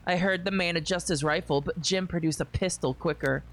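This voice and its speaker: A streamer reading a visual novel aloud with expressive, swearing reactions. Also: male voice, fairly high pitch, brisk, few pauses.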